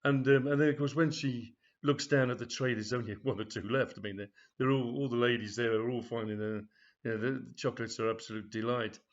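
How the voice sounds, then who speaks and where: A man's voice: medium pitch, steady tone, a little fast. A man reading his own comedy story aloud in a loose, conversational way, full of fillers and asides. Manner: rambling, with frequent fillers and "of course". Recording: dull lo-fi recording.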